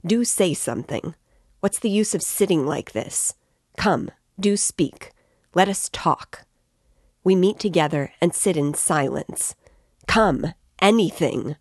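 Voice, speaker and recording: A woman's voice: low-pitched, unhurried, no echo, clean studio sound. A woman reading the lines of a brooding, feverish young man who speaks in abrupt, agitated bursts.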